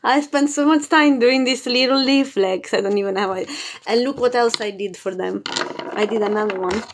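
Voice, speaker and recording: A woman's voice: a little high, moderate pace, slight background noise. A woman hosting a casual spiritual live stream, bubbly and chatty, laughing often and swearing casually. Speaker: spiritual livestream host.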